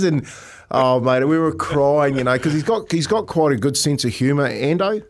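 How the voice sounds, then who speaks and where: A man's voice: on the high side, normal speed. Rambling storyteller, mid-aged man. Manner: rambling storyteller, many restarts and "mate". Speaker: podcast co-host. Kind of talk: casual chat.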